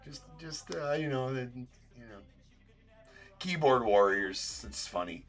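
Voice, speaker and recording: A man's voice: medium pitch, animated, slow, a bit bright. A man hosting a live card break stream, talking casually and teasing viewers in the chat with loose, rambling banter. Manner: teasing, rambling, with frequent laughs and filler words.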